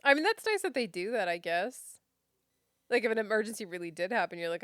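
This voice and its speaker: Smooth-voiced American woman, low-key explaining. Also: expressive, fast talker, no room sound, studio quality. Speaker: podcast co-host. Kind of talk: casual chat.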